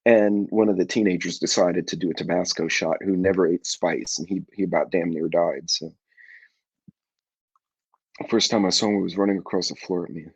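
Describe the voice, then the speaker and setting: Husky, congested middle-aged man chatting live. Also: deep voice, fairly even intonation, normal speed, no echo, low-quality recording. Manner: rambling, folksy storytelling with throat clearing. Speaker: livestream host. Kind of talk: casual live chat with viewers.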